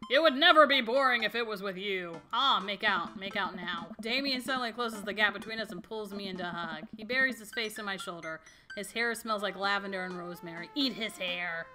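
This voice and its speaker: A woman's voice: mid-range voice, a little fast, pushed and bright. A young woman giving giggly, exclamatory commentary while playing a dating game, over faint music. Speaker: gamer.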